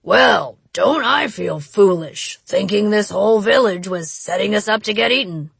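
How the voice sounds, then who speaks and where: A woman's voice: mid-range voice, sing-song, moderate pace, vocal fry, a bit bright, husky, dry recording, exaggerated voice. A woman voicing a cocky young man who talks with a smirking, sarcastic edge.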